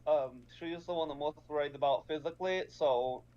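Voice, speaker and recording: Hesitant warrior lady, guy doing her, high-pitched, muffled mic. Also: normal speed, darkish tone, close to an everyday voice. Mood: worried. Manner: hesitant, laughing, lots of fillers. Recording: dull lo-fi mic.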